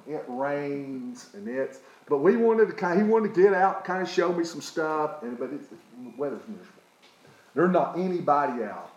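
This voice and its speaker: Guy preaching, folksy, keeps saying okay, fairly high voice, echoey room. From East Tennessee. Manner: folksy, often asks "okay?". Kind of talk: sermon with a personal story.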